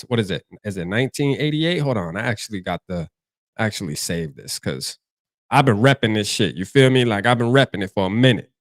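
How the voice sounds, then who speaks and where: A young man with a Charleston, South Carolina accent hosts a casual livestream, talking in a loose, slangy and repetitive way. He reads chat comments aloud as he goes. His voice is close and dry, with a middle pitch for a man. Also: no room sound. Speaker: livestream host.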